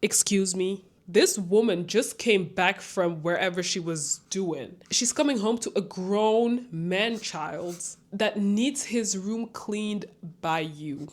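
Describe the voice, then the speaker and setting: A woman's voice: medium pitch, slow. A young woman vlogging a late-night reaction to a documentary, tired, incredulous and sarcastic, often breaking into laughter. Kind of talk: casual late-night commentary.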